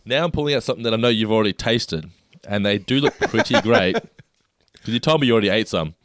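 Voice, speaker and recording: Low-voiced man taste-testing snacks. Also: expressive, fast, fairly bright tone, dry recording, studio quality. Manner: enthusiastic, describes food while chewing. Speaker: co-host. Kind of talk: casual snack taste-test chat.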